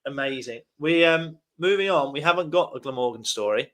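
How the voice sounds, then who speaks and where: A man co-hosting a casual podcast, reacting warmly and telling his own cricket memory. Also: on the high side, animated, fairly quick. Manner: chatty, laughs easily, reacts with enthusiasm. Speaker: podcast co-host, former cricketer. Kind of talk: casual chat.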